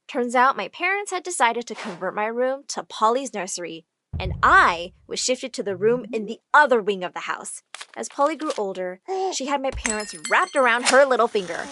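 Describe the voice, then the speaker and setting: A woman narrating an animated drama story in an expressive, dramatic way. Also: on the high side, moderate pace, a little hiss or hum. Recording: faint background music.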